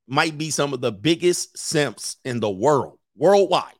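Man, 30s, commentary host, brash, joking, lively pitch, dry close sound. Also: a little slow, no room sound. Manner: brash, joking, laughs often. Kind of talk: casual commentary rant.

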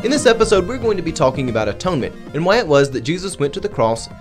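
Male pastor-host, lively pitch swings, emphatic questioning. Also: very fast, over music. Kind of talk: Christian discussion podcast.

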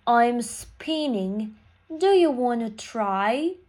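A woman voicing a spiteful wicked female fairy in a children's storybook reading, with slow, drawn-out menace. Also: on the high side, animated, darkish tone, full character voice. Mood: menacing.

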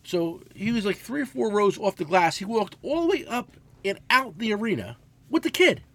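A man in his forties co-hosting a casual podcast, telling loud, profane stories. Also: sits high, very animated, moderate pace, dry recording. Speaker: podcast co-host, mechanic.

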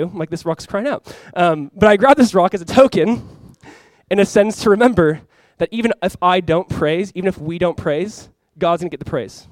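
A man preaching a sermon in a casual, animated way, slipping into the voices of the people he quotes. His voice sits somewhat high for a man. The sound is dry and close, with no room echo. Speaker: pastor.

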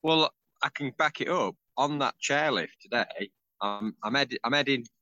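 A man co-hosting a podcast from a holiday spot, chatty and quick to laugh while telling stories. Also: mid-range voice, pushed and bright, no room sound, highs cut off. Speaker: podcast co-host. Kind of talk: casual chat. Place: on holiday outdoors by a pool.

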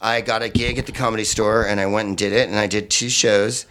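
A man from the Bay Area, a comedian guest telling lively, profane anecdotes in casual conversation. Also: fairly low pitch, fast, slight background noise. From San Francisco Bay Area. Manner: animated, profane anecdotes that jump into acted quotes. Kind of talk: casual storytelling.

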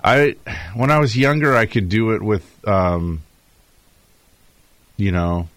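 Male host, very low voice, dry studio sound, chatty joke teller. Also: animated, slow, fairly bright tone, no room sound. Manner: jokey storyteller, chuckles often. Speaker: show host. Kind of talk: casual chat.

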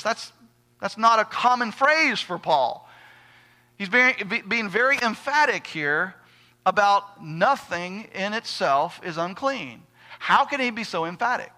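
A man's voice: sits high, expressive, a little slow, sharp tone. A male pastor preaching a sermon, emphatic, putting rhetorical questions to his congregation.

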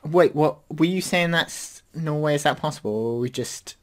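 A man's voice: on the high side, moderate pace. Rambling, hesitant male podcast host. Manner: rambling and hesitant, many fillers. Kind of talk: casual podcast chat.

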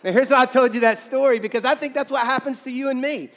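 A man's voice: extremely high pitch, fairly even intonation, fast talker, fairly bright tone. A young man preaching a sermon in a conversational, storytelling way, acting out quotes. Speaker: pastor. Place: large church sanctuary. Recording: hall reverb from church sanctuary.

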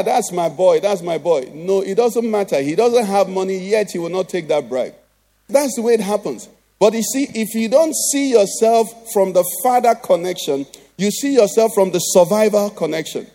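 Nigerian pastor guy preaching, highish mellow voice, keeps asking "what?" back at the crowd. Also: animated, normal speed. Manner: preaches with rhetorical call-and-response questions. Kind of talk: sermon.

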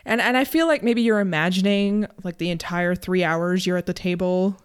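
Young woman, casual podcast co-host, warm reassurance, lots of "like" and "you know". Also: fairly low pitch, moderate pace, smooth. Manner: chatty, reassuring, many fillers. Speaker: podcast co-host and game master.

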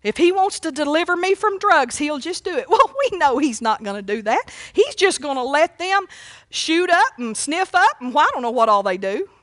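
High bright fervent woman preacher. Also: big pitch swings, moderate pace, no echo, studio quality. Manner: fervent, folksy, exclaims praise often; rises to shouting when quoting cries for mercy. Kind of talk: sermon.

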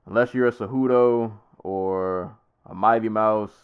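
Male podcast co-host, low smooth voice, relaxed and rambling sports talk. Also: unhurried. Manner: easygoing, rambling with many fillers and restarts. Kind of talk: casual sports chat.

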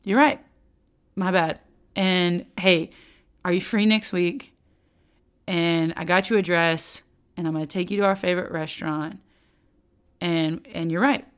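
A woman doing a sheepish, lower-voiced husband. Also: steady tone, a little slow, pauses often, smooth, lightly acted. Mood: apologetic. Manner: sheepish, eager to please, softer and lower. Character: apologetic husband making amends.

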